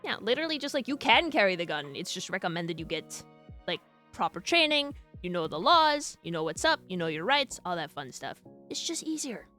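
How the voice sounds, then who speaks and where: A woman's voice: mid-range voice, big pitch swings, a little fast, bright, forceful tone, faint music behind. A woman streamer chatting casually, laughing often and swearing freely. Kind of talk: casual chat.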